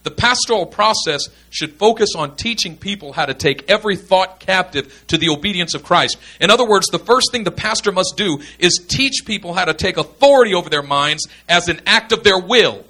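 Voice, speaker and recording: A man's voice: sits high, lively intonation, brisk, hardly any pauses, pushed and bright. A man teaching in a sermon style, earnest and emphatic, repeating his key points. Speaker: pastor teaching pastors.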